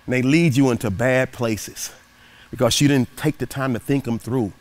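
A man giving a motivational speech through storytelling, animated and dramatic, swinging from loud peaks to hushed asides. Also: mid-range voice, normal speed. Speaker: motivational keynote speaker.

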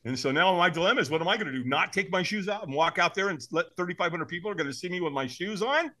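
Talking at a racing pace in a high-sitting voice, a man appears as a podcast guest and tells an animated story. He's lively throughout, performing voices and laughing a lot.

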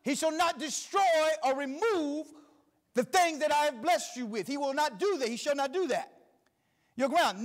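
Man, middle-aged, pastor, sermon, very high-pitched, emphatic repetition, slow scripture reading. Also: animated.

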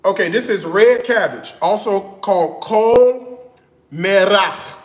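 A man vlogging in his home kitchen, chatting in a sassy, animated way with speech. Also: high-pitched, takes it slowly, reverberant. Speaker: cooking vlogger. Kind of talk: casual chat.

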